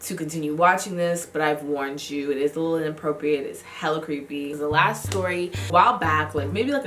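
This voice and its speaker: Slangy young woman telling a story in an echoey room. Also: lowish voice. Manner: animated, slangy storytelling with acted-out reactions. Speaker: beauty vlogger. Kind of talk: casual storytelling vlog. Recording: roomy echo with faint music.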